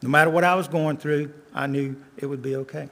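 An older man preaching a sermon as a guest preacher, earnest, repeating lines and slowing down for emphasis. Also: fairly high pitch, steady tone, pushed and bright. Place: church sanctuary. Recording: long church reverb.

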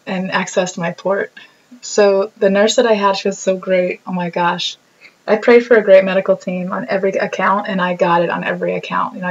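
A woman talking casually about her own hospital stay, telling stories with lively acted-out quotes. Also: gravelly, highs cut off. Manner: animated storytelling, acts out quotes in a bubbly high voice. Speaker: vlogger reacting to her own video. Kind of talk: casual reflective chat.

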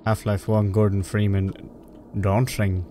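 A man commenting live as he plays a video game, excitable and joking, with sudden yelps. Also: fairly low pitch, unhurried, slight background noise. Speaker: game streamer. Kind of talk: casual live-stream commentary while gaming.

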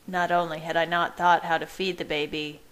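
A woman narrating fan fiction in the first person, at a measured reading pace. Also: sits low, little pitch movement, a bit bright, low-quality recording. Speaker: reader.

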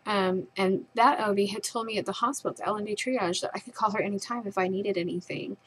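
A woman's voice: medium pitch, fairly even intonation, fast, a bit bright, slight background noise, rough recording. A young woman vlogger earnestly retelling a distressing personal experience in her own words. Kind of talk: personal storytelling.

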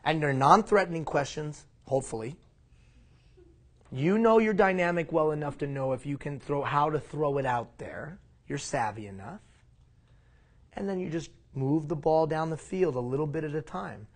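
A man leading a leadership workshop, animated and asking the room questions. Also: a little high, moderate pace. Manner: animated, asks the room questions, acts out mock quotes. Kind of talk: live seminar talk. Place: classroom.

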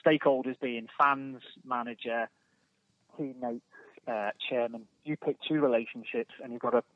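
A man's voice: medium pitch, fairly even intonation, moderate pace, no room sound, lo-fi sound. A man calling into a podcast as a guest, chatting casually and making fun of himself. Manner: self-deprecating, chatty. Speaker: phone guest, former footballer. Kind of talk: casual chat.

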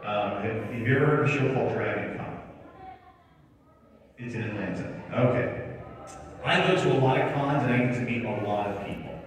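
A man's voice: on the low side, a little fast, long pauses. A man organizing a convention, chatting to a live audience and telling a story, acting out the voices of the people in it. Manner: chatty, acts out quoted dialogue. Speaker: convention organizer addressing attendees. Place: large convention hall. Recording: echoey hall from far off.

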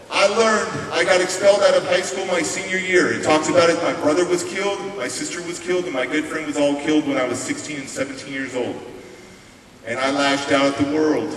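Animated motivational speaker man in a hall. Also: on the high side. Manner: animated and conversational. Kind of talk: storytelling keynote speech. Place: large hall. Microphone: distant room mic. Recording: echoey hall, distant mic, faint hiss.

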